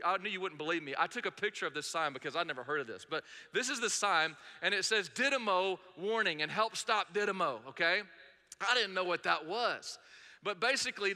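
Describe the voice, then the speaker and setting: A man's voice: sits high, bright, forceful tone. A middle-aged man preaching a sermon as pastor, earnest and storytelling, driving points home with emphatic repetition. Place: church sanctuary. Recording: long reverb of a large hall.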